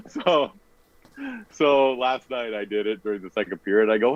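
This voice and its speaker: A comedian on a podcast who rambles, corrects himself and tells stories in casual chat. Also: male voice, mid-range voice, animated, moderate pace, dry recording. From Canada. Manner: rambling, self-correcting storyteller. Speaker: comedian guest. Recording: dull, dry podcast audio.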